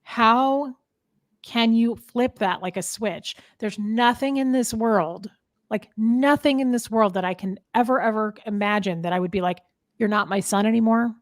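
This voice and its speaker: A woman's voice: on the high side, measured pace, dry recording, studio quality. A woman in her thirties, a show host, talking heartfelt and emphatic in casual chat, often trailing off and restarting.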